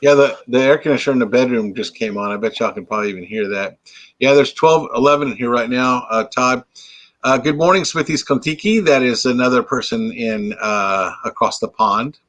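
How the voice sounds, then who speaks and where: A man's voice: medium pitch, a little fast, fairly bright tone, no room sound. A tired man hosting a casual late-night live stream from home on a laptop mic, chatting and greeting viewers. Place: home, indoors. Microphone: laptop microphone.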